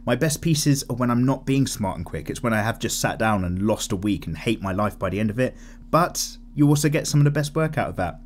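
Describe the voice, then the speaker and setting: Young man, art streamer, chatty and rambling, very animated pitch, faint hum behind. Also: quick pace. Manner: rambling, chatty and candid with tangents. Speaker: art streamer reading viewer comments. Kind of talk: casual chat while drawing.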